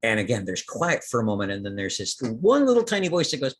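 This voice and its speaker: A man as storyteller, narrating a tabletop role-playing game in a lively, descriptive way. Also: medium pitch, fast, few pauses, slightly rough.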